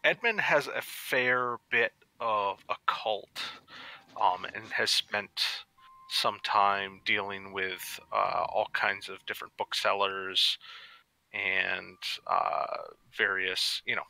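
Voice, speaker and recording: A man's voice: on the low side, fairly even intonation, takes it slowly, creaky, sharp tone, no room sound, poor audio. A man playing a tabletop game, asking questions in a casual, hesitant way. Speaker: player.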